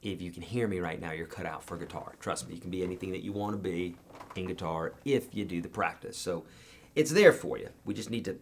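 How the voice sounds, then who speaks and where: Chatty guitar teacher, man, lower voice. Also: fairly quick, a little hiss or hum. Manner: chatty, explains with everyday analogies, often adds "okay?"; lively pitch and loudness swings for emphasis. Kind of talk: live online guitar lesson.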